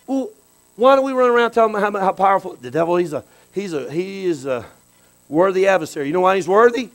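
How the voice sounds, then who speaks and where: A high-voiced man preaching a sermon. He talks to the congregation in a loose, lively way, drops low for asides and climbs into loud cries. The talk swings between quiet and loud. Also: fast talker, poor audio. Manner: animated preaching that swings from soft asides to shouts. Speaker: pastor.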